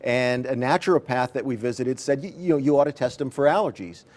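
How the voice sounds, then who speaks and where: A middle-aged man talking as an author guest in a TV interview, halting with many fillers and restarts. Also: mid-range voice, darkish tone. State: choking up with emotion.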